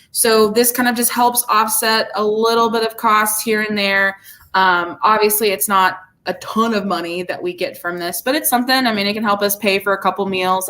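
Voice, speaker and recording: A woman co-hosting a casual podcast, with a bright, forward tone. She sounds bubbly and gushing, and she circles back over her words when excited. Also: mid-range voice. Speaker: podcast co-host. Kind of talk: casual chat.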